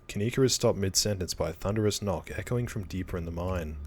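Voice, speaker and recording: A man playing through a horror visual novel and reading its narration aloud in a steady, plain way. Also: low voice, fast talker, hardly any pauses, husky. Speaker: let's play gamer.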